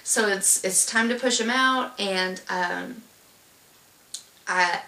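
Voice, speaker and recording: A young woman rambles through a personal story, her voice bright and ringing. She talks with plenty of ums and false starts, recorded from a little distance in an echoey room. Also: medium pitch, takes it slowly. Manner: rambling with many fillers and restarts. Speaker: vlogger telling her birth story.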